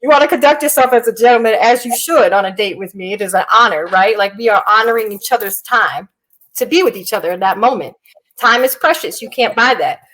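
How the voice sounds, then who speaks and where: Blunt, animated woman, high voice. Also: fast talker, poor audio. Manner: blunt, animated storytelling with Southern slang. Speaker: military veteran. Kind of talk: casual podcast chat.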